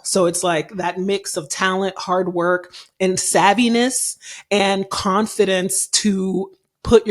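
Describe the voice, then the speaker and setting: Woman in her thirties hosting a podcast. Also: lowish voice. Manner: candid, chatty, frequent fillers and restarts. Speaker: podcast host and TV writer. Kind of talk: casual solo podcast advice. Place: recording while traveling abroad.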